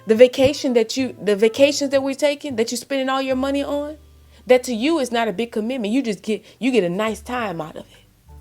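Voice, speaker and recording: A woman's voice: on the high side, brisk, a little mellow, faint music behind. A woman giving faith-based relationship advice in a blunt, impassioned monologue, full of exasperated rhetorical questions.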